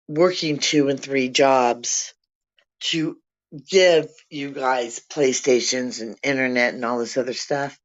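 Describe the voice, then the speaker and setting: Blunt profane older vlogger ranting. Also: mid-range voice. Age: 60s. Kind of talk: profane rant to camera. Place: apartment. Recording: dull lo-fi sound.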